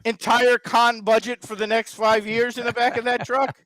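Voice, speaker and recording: A man's voice: very high voice, little pitch movement, moderate pace, fairly bright tone, no room sound, rough recording. A man from the American South, a regular on a sports talk show, ranting with mocking, exasperated wisecracks. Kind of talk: sarcastic sports talk rant.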